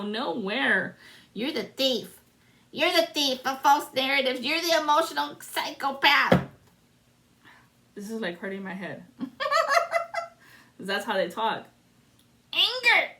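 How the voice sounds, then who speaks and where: A woman with a high, bright, sharp voice leads a solo spiritual card reading. She is dramatic and sassy, and drops in sung lines and salty asides. She takes her time between phrases. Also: animated, slow pace, pauses often. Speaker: tarot reader.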